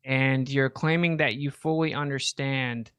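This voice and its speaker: A man's voice: mid-range voice, fairly even intonation, measured pace, fairly bright tone, clear, resonant tone. A man arguing sarcastically in a heated online debate, challenging his opponent.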